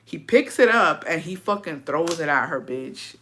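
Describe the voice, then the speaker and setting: Woman vlogger, bright voice, casual storytelling, profane and blunt, mixes in Spanish. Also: low voice, animated, moderate pace, slight background noise.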